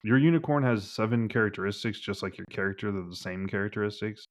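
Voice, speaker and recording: A man's voice: fairly low pitch, steady tone, quick pace. A man running a tabletop game as game master, describing scenes in a rambling way full of "like" fillers.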